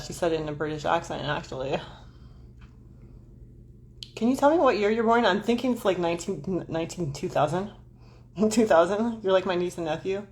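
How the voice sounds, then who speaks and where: A woman's voice: lowish voice, brisk, long pauses, darkish tone. Rambling fortyish woman, chatting to viewers. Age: 40s. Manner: scattered, swearing, self-deprecating, talks to chat viewers. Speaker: astrology livestreamer. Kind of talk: rambling livestream chat. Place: home, seated in front of camera.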